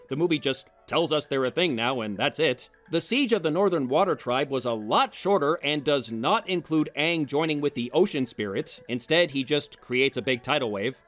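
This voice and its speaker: Sarcastic male reviewer, fairly high voice that leaps around, scripted comedy commentary. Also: a bit bright. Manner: sarcastic, exasperated. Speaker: film reviewer.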